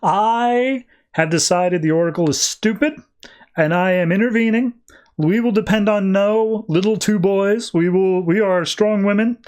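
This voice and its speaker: A man's voice: high-pitched, a little slow, darkish tone, clear, resonant tone, pitched above the performer's own voice. A man voicing a bossy, self-assured goddess woman in a casual, slangy way. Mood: defiant. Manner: casual, slangy, offhand paraphrase.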